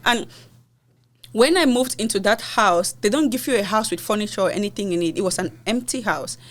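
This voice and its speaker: A woman's voice: mid-range voice, brisk. A woman from Cameroon, a podcast guest, earnestly and expressively recounting personal hardships in conversation.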